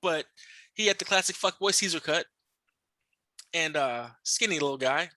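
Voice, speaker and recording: Male podcast host, high bright voice, dry close sound, profane rambling storyteller. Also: moderate pace, no room sound. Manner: profane, rambling, with frequent restarts and fillers. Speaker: podcast host interviewing a guest.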